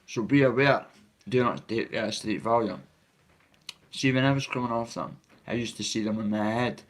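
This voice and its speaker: A man chatting on a live stream from a family home, talking fast and bluntly, swearing and giving shout-outs to viewers. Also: mid-range voice. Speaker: livestreamer. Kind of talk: casual live-stream chat. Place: a family member's home, indoors.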